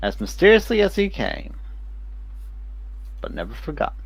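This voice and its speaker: A man's voice: fairly high pitch, wildly swooping pitch, moderate pace, creaky, breathy edge, dry recording. A man running a tabletop game as game master, narrating in a casual manner and swearing freely.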